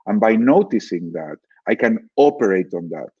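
A man's voice: lowish voice, animated, normal speed, slightly rough, dry recording, dull audio. A man talking through ideas as a podcast guest, thoughtful, often repeating words while he searches for them. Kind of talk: reflective conversational explaining.

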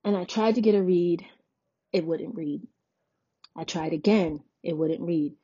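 A woman in her forties hosts her own podcast and tells a personal story in a candid, chatty way, slipping into the voices of the people she quotes. Her voice is mellow and a little husky. The recording is dry and somewhat dull, like lo-fi audio. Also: on the low side, unhurried, dry recording. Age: 40s. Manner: candid, conversational, acts out quoted dialogue. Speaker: podcast host.

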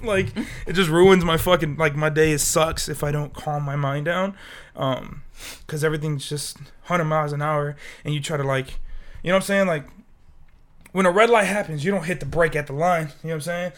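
A man's voice: a little high, brisk, fairly bright tone. A sick young man co-hosting a podcast, rambling in casual, profane chat and laughing often. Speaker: podcast co-host.

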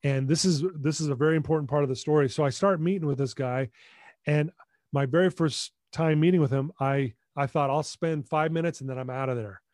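A middle-aged man with a fairly high voice speaks briskly, recorded at studio quality with no room sound. He's a podcast guest animatedly retelling a personal story, voicing the dialogue and frequently restarting and repeating words.

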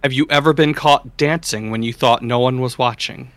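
A man's voice: mid-range voice, normal speed, fairly bright tone, dry recording. A man in a casual recorded chat, reading questions aloud and then talking them over. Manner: reads odd questions aloud, then chats about them.

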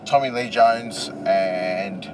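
A man's voice: on the low side, slow pace, a little mellow. A man in his thirties, a podcast co-host, tipsy and rambling as a passenger, with crude jokes. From Australia. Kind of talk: casual chat as a passenger. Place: inside a moving car. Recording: car with faint road noise.

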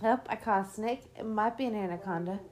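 A woman's voice: mid-range voice, a little fast, a little mellow. A woman podcast host giving casual movie commentary, swearing a lot and ranting in an exasperated, sarcastic way.

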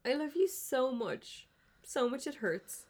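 A woman's voice: high-pitched, sing-song, takes it slowly, pitched above the performer's own voice, heavily acted. A woman reading fan fiction aloud, voicing a heartbroken young lover pleading melodramatically at a hospital bedside.

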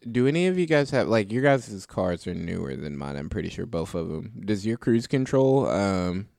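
A man's voice: on the low side, big pitch swings, normal speed, creaky, darkish tone, dry recording, clean studio sound. A man co-hosting a podcast, telling stories in casual chat, laughing often and swearing casually. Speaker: podcast co-host.

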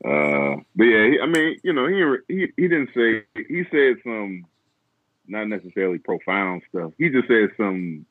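A man's voice: fairly low pitch, sing-song, measured pace, no echo, narrow, tinny audio. A man co-hosting a casual chat, telling stories in a laid-back way and laughing a lot.

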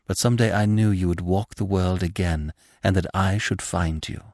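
A man's voice: deep voice, steady tone, moderate pace, a little mellow, no room sound, clean studio sound. Man voicing a yearning ghost woman. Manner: yearning, tender and pleading. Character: ghostly young woman, a burned witch, devoted lover. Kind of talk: dramatic audiobook reading.

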